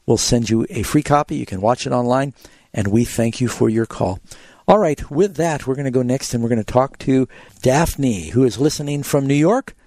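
A man's voice: mid-range voice, normal speed, a little mellow, no room sound. Teacherly male radio pastor. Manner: explanatory, teacherly, tells illustrative stories. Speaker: radio call-in show host and pastor. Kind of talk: radio call-in Bible answers. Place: radio studio.

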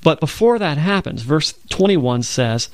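A man from Alabama with a Southern accent hosts a radio Bible program, earnestly quoting long passages of scripture in a conversational discussion. His voice is a little high, with lively intonation and an unhurried pace, and there's no echo.

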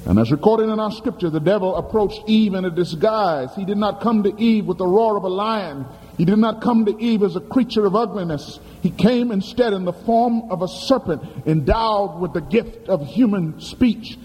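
A man's voice: high-pitched, normal speed, few pauses, a little mellow. A man preaching a sermon as pastor, dramatic and emphatic, posing questions to the congregation. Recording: echoey hall with faint ambience.

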